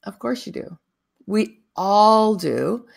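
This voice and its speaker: A woman hosting a spiritual talk show, guiding listeners in a calm, drawn-out, meditative way. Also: mid-range voice, vocal fry. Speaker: spiritual teacher and show host.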